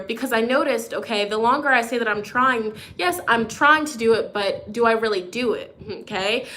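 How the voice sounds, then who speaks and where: A woman's voice: on the high side, normal speed, bright, forceful tone. A woman tarot reader giving a chatty weekly forecast. She keeps checking in with "okay?" and is sniffly from a runny nose. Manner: encouraging, chatty, frequent "okay?" check-ins; reads out viewer comments. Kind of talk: live tarot forecast reading.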